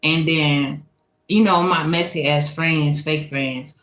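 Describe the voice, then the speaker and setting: A woman from Louisiana, telling a personal story in a casual, animated and profane way, laughing often. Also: sits low, slow. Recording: echoey room.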